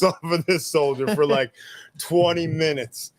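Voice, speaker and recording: A man's voice: fairly high pitch, takes it slowly, darkish tone, dry recording. A man in his thirties, an army veteran guest, telling stories in a laid-back way, swearing freely and laughing at his own jokes. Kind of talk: casual storytelling interview.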